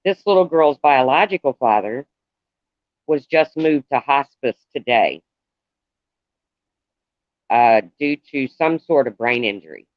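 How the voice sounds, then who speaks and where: A middle-aged man talking to viewers on a live stream in a halting, rambling way, calling out commenters by name. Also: mid-range voice, animated, no room sound. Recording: dull lo-fi, dry sound.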